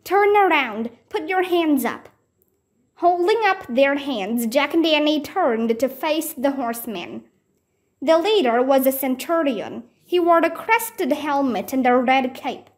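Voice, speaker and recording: She's a native Vietnamese speaker reading a kids' book with an animated, measured delivery, voicing each character's dialogue by lifting her pitch.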